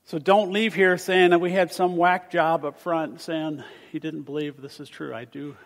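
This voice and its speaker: Male pastor, voice on the high side, dynamic sermon delivery, big hall reverb. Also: moderate pace. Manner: animated, swings between loud emphasis and soft asides. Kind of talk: sermon with scripture reading. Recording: long reverb of a large hall.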